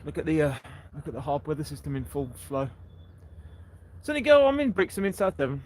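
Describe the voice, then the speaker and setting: A man's voice: fairly high pitch, big pitch swings, a little fast, darkish tone, rough recording. Chatty man outdoors. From England. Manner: chatty, rambling, talks to viewers by name. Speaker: livestream host. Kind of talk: casual walking livestream chat. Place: outdoors on a seaside breakwater.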